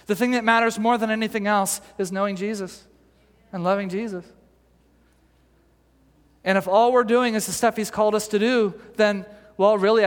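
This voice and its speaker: A male pastor preaches a sermon in a large hall, telling stories animatedly with many fillers and restarts while gently joking with the congregation. His voice is high-pitched.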